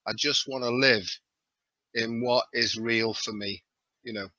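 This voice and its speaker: A man's voice: medium pitch, fairly even intonation, a little slow, bright, forceful tone, dry recording, lo-fi sound. A man from the Wirral with a Liverpool-area accent, chatting as a guest on a live show, jokey and self-mocking, with lots of "you know". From the Wirral, England. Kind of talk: casual live-stream chat.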